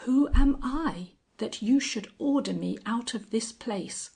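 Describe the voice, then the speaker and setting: Brief: woman playing a soft-spoken angel, quivering, breathy, unhurried. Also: animated, full character voice. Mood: indignant. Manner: low, quivering voice. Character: gentle bewildered male angel, soft-spoken.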